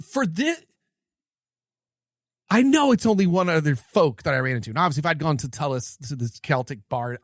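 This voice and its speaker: Excited man, dry close sound. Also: a little high, no room sound. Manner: excited, animated telling with many restarts. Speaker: podcast co-host. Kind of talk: casual storytelling chat.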